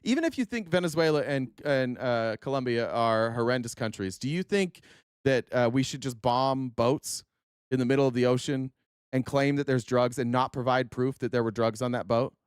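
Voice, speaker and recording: A sarcastic man hosts a political livestream and talks straight into a desk mic. He reads viewers' comments aloud and fires back at them. His voice sits at an ordinary middle pitch, and the sound is dry and close with no room echo. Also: normal speed, clean tone. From Utah. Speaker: livestream host.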